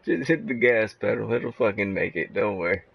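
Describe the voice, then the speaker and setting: Low gravelly man rambling over gameplay. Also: expressive, normal speed, no echo, muffled recording. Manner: rambling, swears often, laughs a lot. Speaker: gamer. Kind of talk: casual gameplay commentary.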